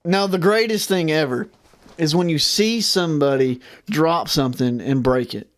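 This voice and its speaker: A woman's voice: low-pitched, moderate pace. Laughing, profane woman telling stories. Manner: profane, animated storytelling with laughter. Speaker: guest. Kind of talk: casual podcast chat.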